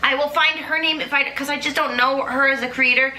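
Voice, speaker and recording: A woman with a high, piercingly bright voice hosts a casual chat. She gushes and rambles excitably, piling on fillers as she goes. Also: fairly quick, reverberant. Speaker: host. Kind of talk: casual recap talk.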